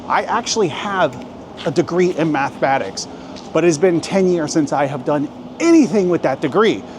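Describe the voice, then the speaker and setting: Chatty man vlogging on city streets. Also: a little high. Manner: chatty, joking, thinking aloud. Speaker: travel vlogger. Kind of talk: casual walking vlog. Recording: outdoor street noise. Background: street and traffic noise.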